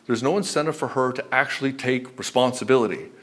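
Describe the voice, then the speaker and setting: Talking fast in a medium-pitched voice, a man delivers relationship advice as a coach in a direct-to-camera monologue. His style is blunt and emphatic, with plenty of swearing.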